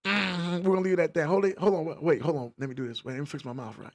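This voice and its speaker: A man's voice: a little high, fairly even intonation, very fast. A man hosting a casual livestream podcast, playfully teasing and reading chat comments aloud. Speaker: podcast host.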